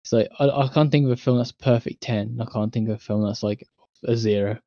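A man's voice: medium pitch, fairly even intonation, quick pace, dark tone, dry recording, muffled recording. A man co-hosting a podcast, making blunt, dismissive remarks in casual chat. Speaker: podcast co-host.

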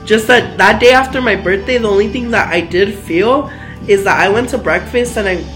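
A man's voice: sits high, normal speed, a bit bright. A young man, a podcast guest, telling casual stories full of slang and swearing. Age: young adult. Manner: slangy, swears, fills with "like" and "dude". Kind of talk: casual storytelling. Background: faint music.

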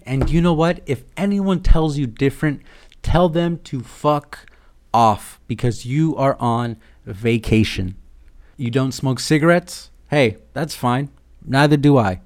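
A young podcast host with a slightly mellow, medium-pitched voice delivers a casual comedic monologue. His comic story rambles, stays irreverent, and is packed with swearing.

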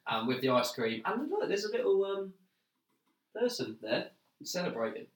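A man's voice: high voice, sing-song, moderate pace. A man co-hosting a podcast, hesitant with many filler sounds. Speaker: podcast co-host. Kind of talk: casual chat. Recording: roomy sound, distant mic.

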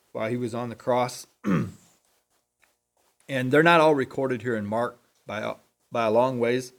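A man giving an unscripted sermon as a lay preacher, talking in a halting, conversational way and often clearing his throat. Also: mid-range voice.

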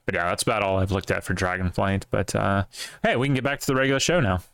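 A man co-hosting a casual podcast, talking with animated opinions and casual swearing. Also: fairly low pitch, fast talker, clear, resonant tone, dry recording. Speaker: podcast co-host. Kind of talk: casual chat.

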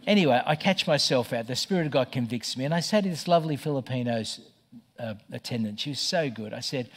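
A middle-aged man preaching a sermon as pastor, telling stories with lively stammered restarts. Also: mid-range voice, fast. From Australia. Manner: animated storytelling with stammered restarts.

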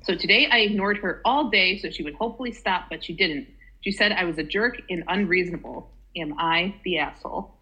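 A woman co-hosting a casual podcast chat, talkative and quick to giggle as she reads a story aloud. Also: lowish voice, bright, forceful tone, dull audio. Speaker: podcast co-host.

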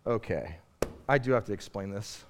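A middle-aged male pastor preaching a conversational sermon, which swings from quiet asides to loud, emphatic points. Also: lowish voice, lively intonation, moderate pace, a little hiss or hum.

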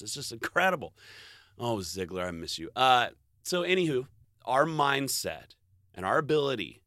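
Male vlogger, middle pitch, bright tone, casual rambling monologue, heavy swearing, frequent laughs. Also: no room sound, studio quality. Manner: profane, rambling, self-interrupting, laughs often.

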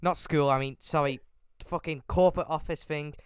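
A man's voice: fairly high pitch, steady tone, normal speed, smooth, no echo, studio quality. A man making a prank phone call, trading childish taunts and insults. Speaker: prank caller.

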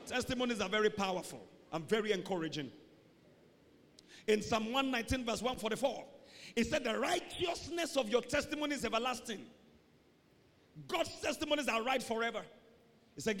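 A male pastor preaching a call-and-response sermon, swinging between loud emphatic calls and low asides. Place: church sanctuary. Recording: reverberant church hall, faint noise.

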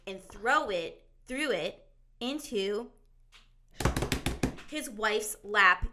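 A young adult woman co-hosting a podcast, telling a gruesome story in a giggly, crude, animated way. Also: mid-range voice, drawn-out words, long pauses, background noise. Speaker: podcast co-host. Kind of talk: casual chat, storytelling.

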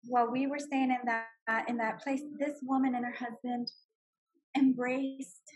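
Woman, forties, husky voice, fairly high pitch, heartfelt personal testimony, animated storyteller. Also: moderate pace, rough recording. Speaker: guest sharing her story.

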